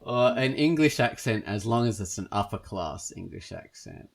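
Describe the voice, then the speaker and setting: Deep gravelly man, playful podcast host. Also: lively intonation, moderate pace. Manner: playful, teasing, puts on silly voices. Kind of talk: casual chat.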